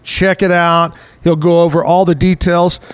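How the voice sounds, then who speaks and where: A man's voice: on the high side, little pitch movement, normal speed, clean tone. A man hosting a talk show, asking rambling, joking questions in a casual interview chat. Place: live show at a bar stage.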